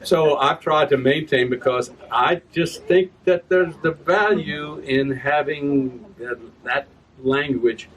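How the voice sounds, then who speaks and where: Speaking slowly in a slightly high, somewhat bright voice, a man reads his own work to a live audience in an event room. He talks about verse in a chatty way, sounding out rhythms and fixing his own slips. The recording comes from a distant mic with room ambience.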